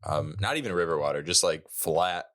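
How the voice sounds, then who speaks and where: A man's voice: low-pitched, expressive, fairly quick, fairly bright tone, dry recording, studio quality. A man co-hosting a podcast in casual chat, laid-back, with short reactions and easy laughs. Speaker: podcast co-host.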